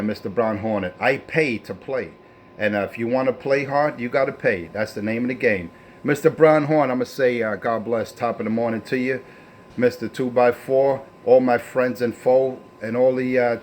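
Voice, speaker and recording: Man, CB radio operator, boastful, folksy banter, mid pitch, faint hiss. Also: moderate pace, darkish tone. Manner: boastful, folksy, trash-talking. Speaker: CB radio operator and channel host.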